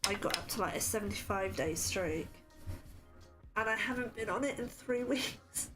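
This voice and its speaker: A woman's voice: medium pitch, moderate pace, a bit bright, soft background music. A woman with a Wiltshire accent chatting casually and self-deprecatingly while making cards on a stream, answering chat messages. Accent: Wiltshire English. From Wiltshire, England.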